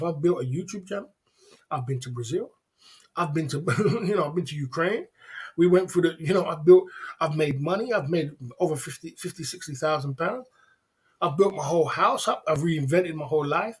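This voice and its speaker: A man's voice: on the high side, brisk, darkish tone, husky. A man hosting a casual livestream, talking in a preachy, repetitive way full of rhetorical questions. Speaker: livestream host.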